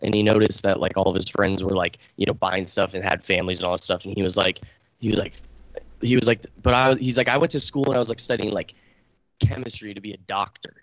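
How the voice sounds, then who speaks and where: A man's voice: sits low, steady tone, fast talker, fairly bright tone, no room sound, low-quality recording. A young man telling a long story in casual chat, rambling, with lots of filler words.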